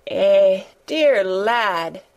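A woman voicing a warm-hearted mother in a storybook, soft and a little tremulous. Lines are drawn out slowly and gently. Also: medium pitch, animated, lo-fi sound. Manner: tender, tremulous. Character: kindly middle-aged Yorkshire mother.

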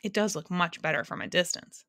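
A woman's voice: fairly low pitch, a little fast, pushed and bright, no echo, studio quality. A woman reading aloud and voicing a fretful, contradictory man in a storybook.

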